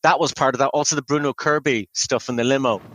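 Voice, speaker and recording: A man's voice: mid-range voice, fairly even intonation, fast, background noise. A man hosting a podcast, recapping a film in an enthusiastic, rambling way. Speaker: podcast host. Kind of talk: casual chat. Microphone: podcast microphone.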